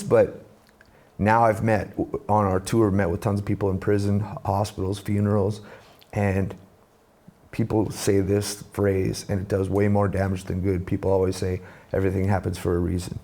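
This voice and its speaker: Gravelly, dark-voiced man telling his story. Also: on the low side, moderate pace. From Canada. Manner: animated storyteller, acts out quoted voices. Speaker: guest, musician and speaker. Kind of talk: conversational storytelling.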